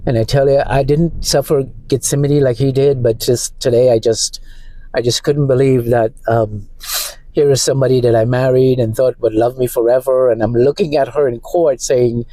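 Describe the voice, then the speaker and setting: A shaken man talking through a distressed personal monologue from his parked car, halting and repeating himself. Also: mid-range voice, fairly even intonation, warm tone, no echo, poor audio. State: emotionally shaken. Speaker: vlogger.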